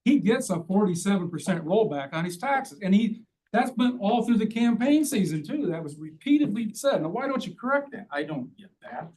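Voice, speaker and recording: A man's voice: high voice, very animated, normal speed, a little mellow. A man giving blunt, argumentative public testimony at a county hearing. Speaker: public commenter. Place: county meeting room. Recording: distant mic, faint room noise.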